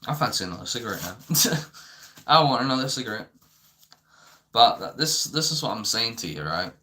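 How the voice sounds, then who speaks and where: A man's voice: lowish voice, sing-song, normal speed, sharp tone, a little hiss or hum. Profane, rambling young man ranting. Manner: rambling and profane, constant "you know". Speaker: vlogger. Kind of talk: unscripted rant.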